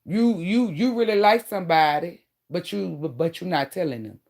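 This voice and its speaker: A woman in her thirties giving relationship advice straight to her viewers in a blunt, animated, slangy way, swearing freely. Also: lowish voice, moderate pace. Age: 30s. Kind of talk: casual advice monologue to viewers.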